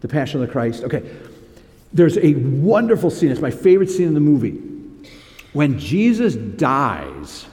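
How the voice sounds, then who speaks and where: A man preaching a sermon, growing loud and high-pitched when he reads scripture aloud. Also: very animated, moderate pace, long reverb tail.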